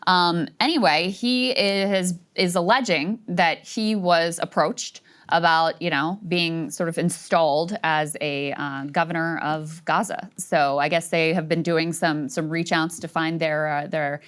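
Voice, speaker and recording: A woman's voice: sits low, steady tone, measured pace, hardly any pauses, a bit bright, smooth. A middle-aged woman co-hosting a political news show, talking in an indignant, conversational way with fillers. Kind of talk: casual political commentary.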